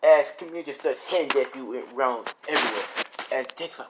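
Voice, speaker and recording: A man's voice: medium pitch, a little fast, heavy background noise. A young man improvising a fan-fiction story, rambling and casual, swearing often and full of fillers.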